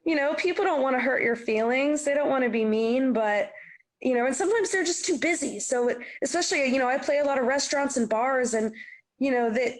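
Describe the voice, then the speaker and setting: Young woman musician guest, bit high voice, lively storyteller. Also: brisk. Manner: animated storyteller, acts out quotes. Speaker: singer-songwriter guest. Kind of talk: casual interview chat.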